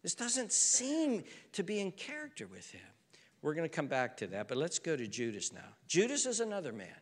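Earnest preacher in a reverberant hall. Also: male voice, fairly high pitch, wildly swooping pitch, moderate pace. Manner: earnest, conversational, repeats for emphasis. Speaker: pastor. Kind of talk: sermon.

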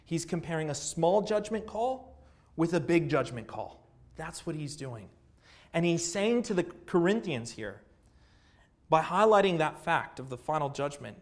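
A man delivering a sermon from the pulpit, his voice sitting a little higher than most men's. He preaches earnestly, leaning on rhetorical questions and repeated phrases. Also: lively intonation, unhurried. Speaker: pastor.

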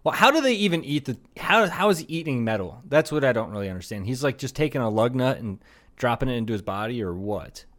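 A man's voice: medium pitch, sing-song, quick pace, a bit bright. A young man co-hosting a comedy podcast in loose, profane casual chat, laughing often and slipping into mocking voices. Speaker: podcast co-host.

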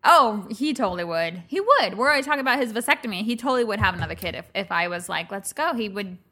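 A woman in her thirties co-hosting a casual podcast, animated and emotional, acting out quotes. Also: mid-range voice, fast talker. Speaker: podcast co-host. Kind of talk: casual chat.

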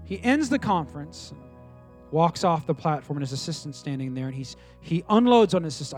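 A pastor preaching a sermon, telling a story with lively acted-out dialogue. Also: male voice, a little high, fairly quick, soft background music. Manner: animated storytelling, voices quoted people.

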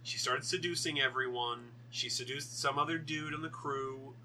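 A man's voice: mid-range voice, fairly even intonation, moderate pace, pushed and bright, a little hiss or hum. A man co-hosting a podcast, rambling and joking as he recaps a film, with casual swearing. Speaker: podcast co-host.

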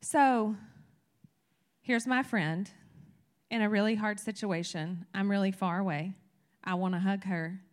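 A woman's voice: medium pitch, a little slow. A woman teaching a church congregation in a candid, conversational sermon style, getting emphatic as her energy builds.

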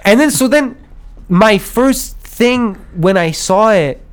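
A man hosting a podcast who tells a long story in a loose, rambling chat, with a voice sitting a bit above the usual male range. His pitch swings widely as he acts out other people's voices and breaks into laughter. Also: lively intonation, takes it slowly, clean tone. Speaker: podcast host.

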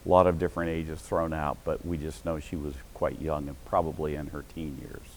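A middle-aged man preaching a sermon as pastor, breaking into sudden shouted bursts of excitement. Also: very deep voice, a little fast, a little hiss or hum, low-quality recording.

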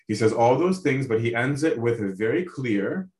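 Earnest priest preaching in an echoey room. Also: male voice, medium pitch, a little fast, few pauses. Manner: earnest, asks listeners direct questions; conversational, tags lines with "right?". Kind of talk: sermon on a Bible passage. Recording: roomy echo.

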